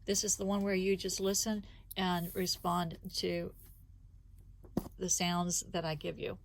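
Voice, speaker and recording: A woman teacher leading a phonics lesson for children, sounding out words slowly and deliberately, sound by sound. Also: fairly low pitch, little pitch movement, vocal fry, a little hiss or hum. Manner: slow, deliberate sound-by-sound enunciation.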